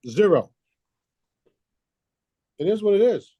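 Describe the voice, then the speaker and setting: Boastful, preachy male host, cursing casually; fairly high voice, dry close sound. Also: sing-song, slow pace, warm tone, dry recording, dull audio. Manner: boastful, preachy, swears freely; laughs at his own lines. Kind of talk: casual conspiracy talk.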